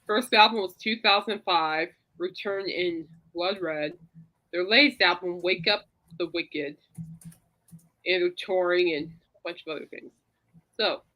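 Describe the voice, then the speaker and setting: A woman's voice: lowish voice, pushed and bright, low-quality recording. A woman hosting a casual podcast, chatty and reassuring, rambling between topics. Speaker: podcast host. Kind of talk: casual chat.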